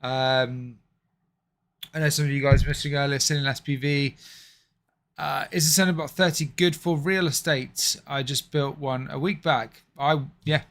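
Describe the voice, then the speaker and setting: A man's voice: mid-range voice, fairly even intonation, normal speed, fairly bright tone. A man hosting a live stream, chatting casually with viewers, muttering and swearing to himself and then apologizing. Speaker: livestream host.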